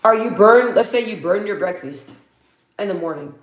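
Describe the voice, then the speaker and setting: A woman's voice: medium pitch, lively intonation, normal speed, roomy sound. A woman hosting a casual live Q&A stream. She is hyper and chatty, laughs often and reads viewer answers aloud. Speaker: livestream host.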